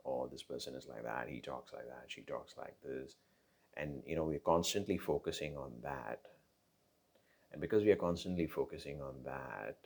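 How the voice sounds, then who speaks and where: A man's voice: a bass voice, gravelly. A man giving casual relationship advice in a conversational monologue, with many fillers, restarts and frequent "right?" tag questions.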